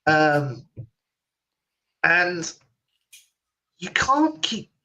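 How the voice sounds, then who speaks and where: A man's voice: fairly high pitch, very animated, very slow, sharp tone, poor audio. A man hosting a casual sports podcast, ranting sarcastically and laughing. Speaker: podcast host.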